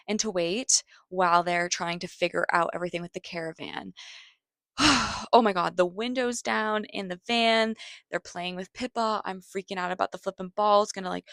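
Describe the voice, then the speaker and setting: A woman's voice: fairly low pitch, vocal fry, a bit bright, no echo. A woman giving a casual spoken film review, chatty and swearing freely, getting worked up as she retells tense scenes.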